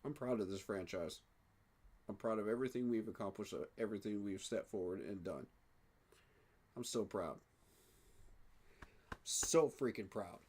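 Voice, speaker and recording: A man talking excitedly in a casual fan reaction vlog, emotional and repeating himself. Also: on the low side, normal speed, long pauses, husky. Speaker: sports fan vlogger.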